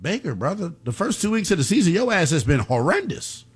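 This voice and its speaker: A man hosting a late-night call-in sports radio show in a brash, slangy, animated way from the studio. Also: high voice, a little fast, husky.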